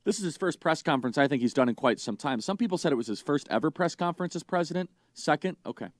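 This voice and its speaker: A man's voice: a little high, animated, fast talker, no echo. Scornful male political commentator, dry sound. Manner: scornful, mocking.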